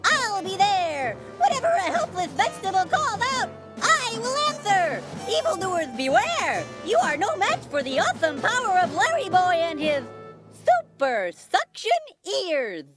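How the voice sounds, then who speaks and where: A man voicing a squeaky, earnest cucumber superhero in an animated cartoon, making grand heroic proclamations. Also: measured pace, exaggerated voice. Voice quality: high and squeaky. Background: music.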